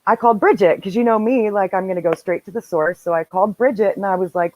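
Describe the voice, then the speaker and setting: A woman hosting a podcast, telling a story in casual chat, animated and swearing freely. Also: medium pitch, quick pace, hardly any pauses, no room sound, highs cut off. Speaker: podcast host.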